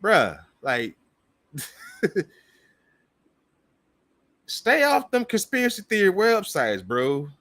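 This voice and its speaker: A man's voice: high-pitched, wildly swooping pitch, extremely slow, long pauses, fairly bright tone, no echo. Swearing, fired-up male reaction host. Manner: heated, swearing, laughing scornfully. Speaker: political commentary host. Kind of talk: profane reaction rant.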